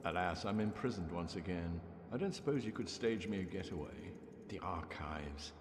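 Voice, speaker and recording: An actor playing a sarcastic, polite male sorcerer in a video game, with a smooth, theatrical delivery. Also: low-pitched, lively intonation, normal speed, slight background noise. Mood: wry. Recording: echoey in-game audio with long reverb.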